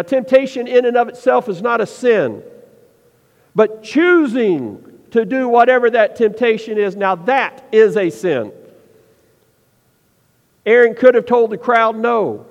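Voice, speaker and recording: A man preaching a sermon, asking the listeners pointed questions and slowing down to stress his points. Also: very high voice. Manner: preaching with rhetorical questions and slowed emphasis. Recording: dull sound with long reverb.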